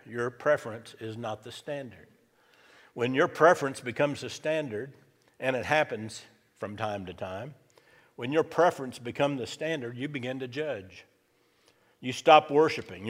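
Male pastor, emphatic sermon delivery, repeats points, mid-range voice, long hall reverb. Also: medium pitch. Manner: emphatic, repeats key lines for effect.

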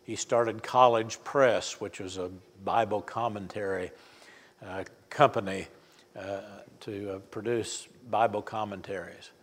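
An older man preaching a sermon, retelling a story in a folksy, halting way with many fillers and restarts. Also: lowish voice, steady tone. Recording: long hall reverb.

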